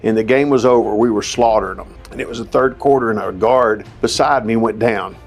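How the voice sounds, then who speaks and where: A former football lineman telling an anecdote in an animated storytelling way. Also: lowish voice, a little fast, breathy edge, soft background music.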